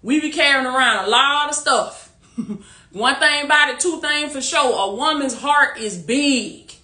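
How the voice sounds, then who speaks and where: She's a faith-based life coach giving a casual pep talk on a livestream, her bright voice sitting high and unhurried in a reverberant space. Warm-hearted but preachy, she rallies viewers, repeats herself, and laughs a lot, captured on a phone or webcam.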